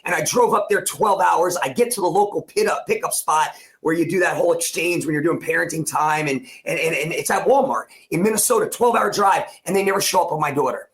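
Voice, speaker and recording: A man's voice: a little high, brisk, hardly any pauses. A man in his forties from New Jersey, a coach telling an emotional personal story as a podcast guest, intense and repetitive, acting out the lines he quotes. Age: 40s.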